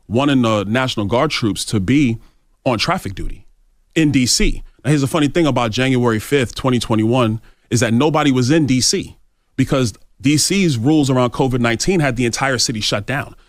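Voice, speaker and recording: A man's voice: medium pitch, lively intonation, a little fast, no room sound, clean studio sound. A male congressman guest answering interview questions in an assertive, argumentative way. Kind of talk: radio interview.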